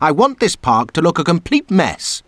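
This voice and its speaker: A cruel, commanding storybook queen who snaps and scolds, as a man puts her on. The voice is pushed higher and louder with big swings in pitch, recorded close and dry. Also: huge pitch swings, normal speed, dry recording, heavily acted. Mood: bossy. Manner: snappish, commanding. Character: bossy, cruel female queen of litter.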